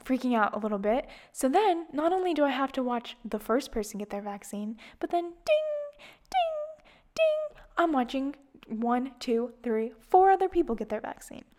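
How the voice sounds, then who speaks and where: Young woman podcaster, kinda high voice, chatty and animated, voices her own nerves. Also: normal speed. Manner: animated, acts out her own nervous inner voice. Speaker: podcast host. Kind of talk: casual storytelling monologue.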